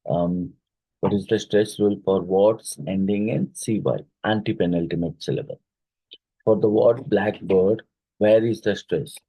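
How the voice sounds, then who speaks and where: Low, husky Indian English teacher. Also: male voice, fairly even intonation, warm tone, dry recording, poor audio. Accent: Odia-influenced Indian English. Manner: explains slowly, spells words letter by letter, many fillers. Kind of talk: exam-prep phonetics lecture.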